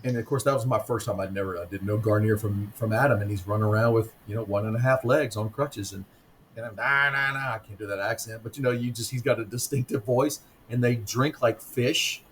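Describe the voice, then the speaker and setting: A man in his fifties, a guest author telling stories in a conversational interview, speaking haltingly with frequent ums and restarts. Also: lowish voice, steady tone, a little hiss or hum, low-quality recording. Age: 50s.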